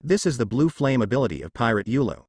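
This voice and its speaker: A man's voice: mid-range voice, sing-song, quick pace, darkish tone, slightly rough, no echo, clean studio sound. A man voicing a solemn, wary male navy officer in a narrated fan story.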